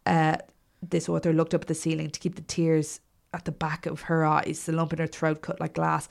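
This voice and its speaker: Gravelly low-voiced woman telling a story. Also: completely flat delivery, normal speed. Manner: storytelling, dramatic read-aloud with asides. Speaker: podcast co-host. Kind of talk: casual chat and reading aloud.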